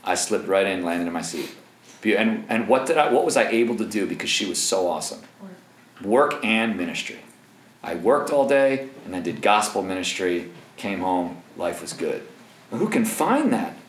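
A man in his thirties preaching a sermon in an animated, joking way, with asides to the crowd. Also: low voice, moderate pace, echoey room, rough recording. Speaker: pastor.

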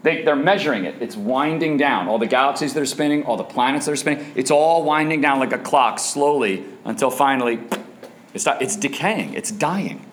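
A man's voice: medium pitch, a little fast. A man preaching a sermon, emphatic and firing rhetorical questions at his listeners. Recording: echoey room.

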